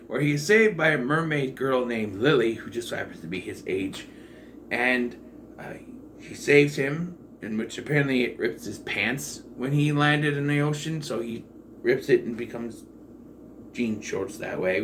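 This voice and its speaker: A man giving a casual, rambling movie review, full of fillers and the occasional swear, jumping between loud excitement and quiet asides. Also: medium pitch, slight background noise. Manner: rambling and digressive, with profanity and many fillers.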